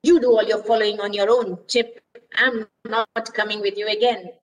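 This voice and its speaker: A woman's voice: medium pitch, flat delivery, normal speed, lightly acted. A woman voicing a timid, grumbling male squirrel in a storybook reading, nervous and complaining. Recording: voice distant from mic.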